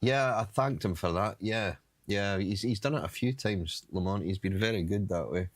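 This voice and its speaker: A man's voice: lowish voice, normal speed. A man co-hosting a casual live stream, making dry, teasing remarks.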